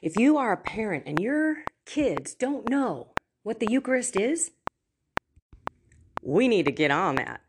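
A woman hosting a Catholic podcast, telling personal faith stories in an earnest, animated way with laughs and asides. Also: a little high, measured pace. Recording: audible background noise.

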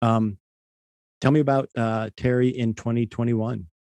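A man's voice: medium pitch, fairly even intonation, unhurried, a little mellow, no echo. A man hosting an interview, asking rambling, admiring questions with many restarts. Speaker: interview host. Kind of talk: casual interview chat.

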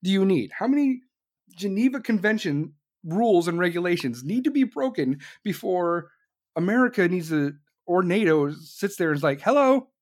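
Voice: mid-range voice, a little mellow. A commentator delivering an angry, blunt political rant full of swearing.

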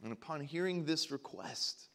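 A young man preaches a sermon to his congregation with a fairly high, bright and forceful voice. He drops to quiet, low tones for storytelling, then rises to loud, pleading cries when he acts out prayers. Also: animated, moderate pace, gravelly. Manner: passionate, swings from soft to loud when acting out prayers. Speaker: pastor. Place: church before a congregation.

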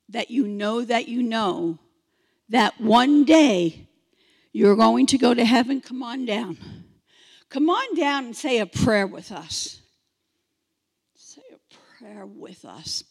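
A high-pitched woman telling her own faith story in a slow, unhurried way. She acts out the voices of the people in it with lively swings. Her voice rings out with a long hall reverb. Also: creaky. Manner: animated, acts out quoted voices. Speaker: testimony speaker. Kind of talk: personal testimony storytelling.

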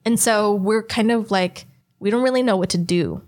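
A woman's voice: medium pitch, moderate pace, darkish tone. A young woman telling a story in casual chat as a podcast co-host, chatty and cursing freely, acting out what people said. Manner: chatty, swears freely, acts out quoted voices.

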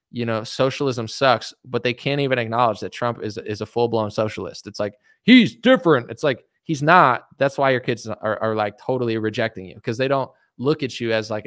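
Animated ranting man, dry close mic. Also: medium pitch, clean tone, dry recording. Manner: rapid, animated ranting with mocking put-on voices. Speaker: political commentator. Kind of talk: casual political rant.

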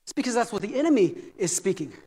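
A male pastor preaching in a church sanctuary, his voice ringing through a long hall reverb. He repeats words as he presses his points and climbs toward forceful, insistent peaks. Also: high voice, very animated, fast, breathy edge. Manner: preaching with rising intensity and repeated phrases. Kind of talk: sermon.

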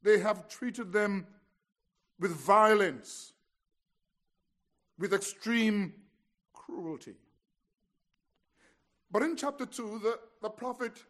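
A man with a notably high voice delivers an expository sermon. He tells it as a story, dropping to hushed lines and then pressing hard on key words. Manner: dramatic storytelling, swings from hushed to emphatic. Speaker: preacher.

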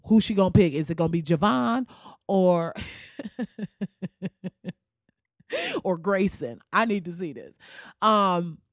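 A woman in her thirties talking casually as a podcast host, loud and profane, her voice jumping high for emphasis. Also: lively intonation, slow, long pauses, no echo, studio quality. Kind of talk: casual solo commentary.

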